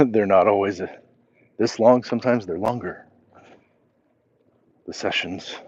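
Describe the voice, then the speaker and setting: A man's voice: lowish voice, measured pace, slightly rough, dull audio. A man hosting a casual walk-and-talk livestream, reading chat messages aloud and answering them as he walks. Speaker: livestream host.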